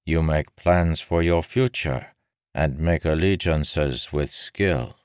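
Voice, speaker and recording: A man voices a sly king for an audiobook, speaking very deep and unhurried. The king needles and persuades smoothly and calmly, never raising his voice. It sounds like a storybook reading in a dry, close room with no echo.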